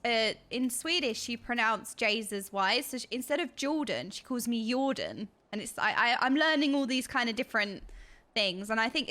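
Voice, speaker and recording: A woman's voice: on the high side, pushed and bright. A woman streaming a game, chatting casually with her viewers and reading their messages aloud. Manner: chatty, reads chat messages aloud, laughs often.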